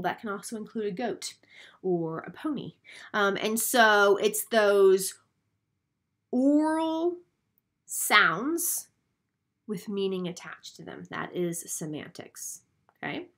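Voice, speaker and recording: A woman's voice: mid-range voice, fairly bright tone. Female instructor, recorded lecture, explanatory delivery, frequent "okay?" check-ins. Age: adult, a mother.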